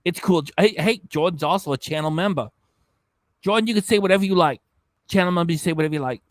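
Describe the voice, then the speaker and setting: A man with a notably high speaking voice hosts a reaction livestream in loose, rambling chat. He jokes constantly and drifts into silly voices. The sound is dry and close. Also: fast talker, no room sound. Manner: jokey, rambling, keeps slipping into silly voices. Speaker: reaction channel host.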